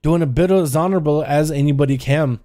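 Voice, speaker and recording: A man streaming and casting game duels live, giving excitable, casual play-by-play and talking straight to his chat. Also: fairly high pitch, quick pace. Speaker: streamer and duel commentator. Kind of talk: livestream play-by-play game commentary.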